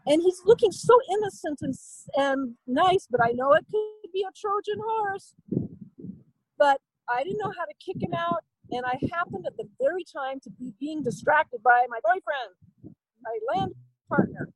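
A woman's voice: very high-pitched, lively intonation, normal speed, no echo, rough recording. A woman guest in an interview, telling a personal story in a rambling, hesitant way, full of fillers and restarts, candid and self-deprecating.

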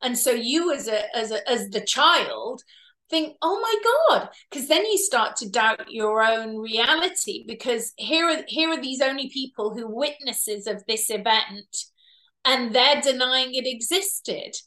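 A bright, tense-toned woman speaks at a fairly high pitch. She talks at length in an interview, explaining her healing work. She slips into little acted voices for parents and children along the way. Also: unhurried. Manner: animated, acts out quoted parents and children. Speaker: past life regressionist and healer.

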